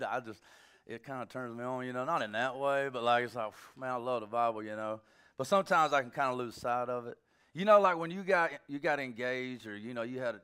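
A man's voice: medium pitch, fairly bright tone, smooth. A man preaching a sermon in a loose, joking, conversational way, teasing his congregation between points. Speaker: pastor.

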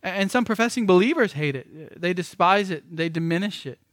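A man's voice: high voice, expressive, brisk, fairly bright tone, no echo, studio quality. A man who is a pastor, preaching a sermon with emphatic repetitions.

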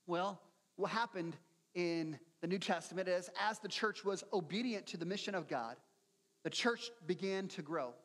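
Middle-aged male pastor, high voice, conversational sermon, long reverb. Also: fairly bright tone. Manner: conversational, earnest, repeats words when starting sentences.

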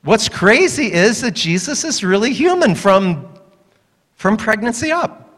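A pastor delivering a humorous sermon to a congregation, animated and joking, acting out the voices in his stories. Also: sits high, measured pace, in a large hall.

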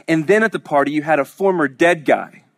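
A man's voice: fairly high pitch, brisk, a bit bright. A man from Oklahoma preaching a sermon as pastor, in a conversational, joking storytelling manner with frequent restarts.

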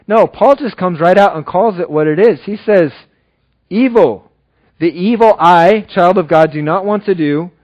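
A man preaching a sermon in an earnest, conversational way, dropping low and slow when he reads scripture. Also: no echo, lo-fi sound. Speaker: pastor.

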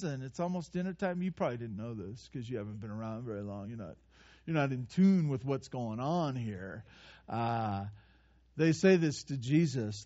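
A man preaching a sermon in a conversational, animated way, with playful asides and frequent restarts. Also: fairly high pitch, dull audio. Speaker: pastor.

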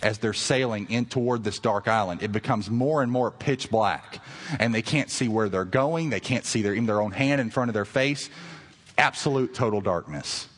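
A man pastor delivering a sermon to his congregation, earnest and rising to emphatic peaks. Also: moderate pace. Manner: earnest preaching that swells to emphatic highs. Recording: long reverb of a large hall.

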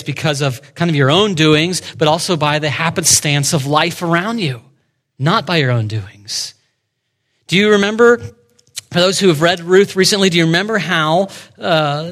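Male pastor preaching, fairly high voice, expository, drops to a hush for emphasis. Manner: expository preaching with dramatic dips to a hushed voice. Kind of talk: sermon.

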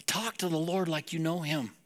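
A man's voice: fairly high pitch, fairly even intonation, normal speed, a bit bright. A man preaching a sermon as a pastor, talking plainly and directly to his congregation.

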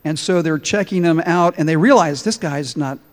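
A man's voice: on the high side, normal speed. Emphatic preacher man with echoing reverb. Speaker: pastor. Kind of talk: sermon.

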